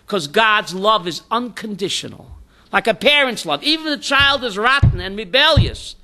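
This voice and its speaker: A man's voice: sits high, animated, normal speed, sharp tone. A rabbi teaching a Torah class, quizzing his students by name and mixing in Hebrew terms. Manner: emphatic, rhetorical questions.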